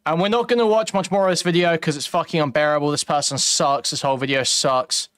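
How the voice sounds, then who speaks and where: A man's voice: on the high side, steady tone, fast, a bit bright, dry recording. A man giving casual reaction commentary in a blunt, mocking way, with a lot of swearing.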